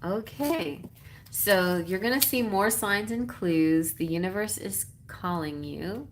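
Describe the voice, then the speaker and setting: During a live-stream tarot reading, a woman with a medium-pitched, expressive voice chats slowly, giggling as she reads the card messages aloud. There's a little hiss or hum in the audio.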